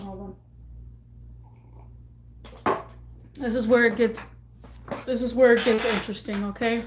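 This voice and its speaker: A young woman vlogger telling an emotional storytime, halting and repeating herself as she rambles through it. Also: fairly high pitch, a little hiss or hum.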